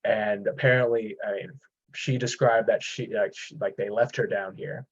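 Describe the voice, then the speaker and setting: A man's voice: lowish voice, fairly even intonation, moderate pace, slightly rough. A man telling a personal paranormal story in casual chat, rambling with many fillers and restarts. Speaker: podcast host. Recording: dull lo-fi sound.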